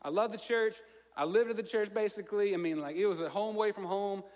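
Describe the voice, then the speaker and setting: A man with a Southern American accent preaching a sermon in a conversational, self-mocking way, telling a story with lively asides. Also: sits high, fast. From Alabama, US. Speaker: pastor. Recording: long reverb of a large hall.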